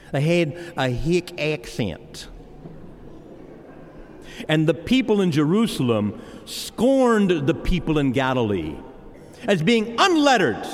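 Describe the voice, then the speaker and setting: A man preaching a sermon, emphatic and animated, speaking straight to the congregation. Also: sits high, slight background noise. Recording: reverberant hall.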